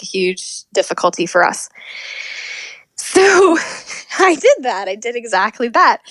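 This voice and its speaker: A woman guest telling a personal story in an interview, animated and often laughing as she talks. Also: medium pitch, no room sound.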